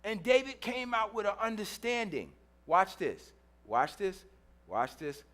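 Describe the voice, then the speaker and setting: A male pastor with a high, bright, ringing voice preaches in a church. He tells his story with humor and plays out the voices of the people in it. He repeats phrases again and again to drive a point home. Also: unhurried. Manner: lively storytelling with humor, acting out quotes. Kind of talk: sermon.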